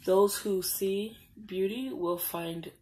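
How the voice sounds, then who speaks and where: A woman's voice: medium pitch, slow pace, darkish tone, slight background noise, low-quality recording. A woman casually showing a planner on her channel, reading the printed slogans aloud as she flips through the pages. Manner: chatty, reads printed slogans aloud while flipping pages. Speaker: planner vlogger. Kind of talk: casual show-and-tell.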